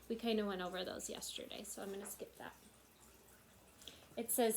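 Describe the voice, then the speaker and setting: A woman teacher reading a picture book aloud to young children, expressive and full of questions to them. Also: mid-range voice, moderate pace, long pauses, a little hiss or hum.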